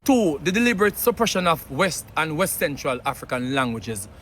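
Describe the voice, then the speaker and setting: Emphatic Jamaican man, bright voice. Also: a little high, big pitch swings, normal speed, a little hiss or hum. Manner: earnest, emphatic, mixing patois into English. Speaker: commentator. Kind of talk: opinion commentary.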